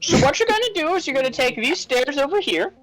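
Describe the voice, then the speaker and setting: A man's voice: very high-pitched, animated, quick pace, fairly bright tone, soft background music, rough recording. A man, the dungeon master of a tabletop game, voicing a sleepy, helpful small gnome guard who gives directions. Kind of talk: tabletop game role-play.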